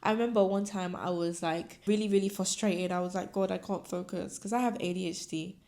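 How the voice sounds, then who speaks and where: A woman's voice: fairly low pitch, steady tone, fairly quick, darkish tone. A young woman hosting a casual solo podcast, talking candidly and rambling, with many filler words. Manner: candid, rambling, says "like" often. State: tearful, crying at times. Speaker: podcast host.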